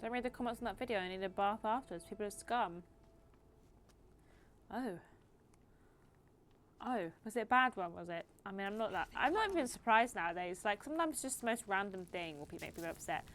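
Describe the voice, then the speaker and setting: A woman's voice: mid-range voice, lively intonation, fairly quick, pauses often, fairly bright tone. A young woman streaming a video game and chatting casually, opinionated and rambling with frequent asides. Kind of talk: casual live-stream chat while gaming.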